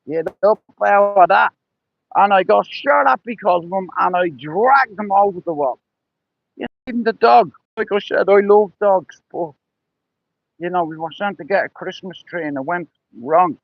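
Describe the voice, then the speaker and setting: A man's voice: high-pitched, moderate pace, vocal fry, dry recording, muffled recording. A man telling rambling, profane stories on a livestream, with lots of "you know" between them. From Ireland. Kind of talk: casual storytelling on a livestream.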